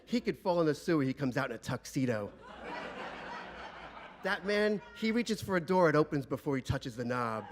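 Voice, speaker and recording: A man puts on a sharp-tongued old grandmother who scolds with contempt. Her voice sits well above his own and turns loud and cutting. She talks down to her son-in-law at every turn. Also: a little high, big pitch swings, normal speed, background noise, pitched above the performer's own voice. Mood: mocking.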